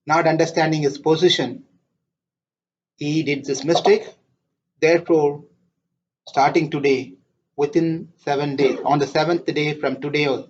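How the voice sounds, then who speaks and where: A man teaching a scripture class, telling a story in a lively way and putting questions to his audience. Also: a little high, normal speed, pauses often. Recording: dull lo-fi lecture recording.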